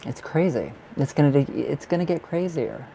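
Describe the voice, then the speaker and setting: A man's voice: a little high, normal speed, vocal fry, dark tone, slight background noise, poor audio. A young man chatting loosely through a live tarot reading, rambling and laughing often. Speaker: tarot reader.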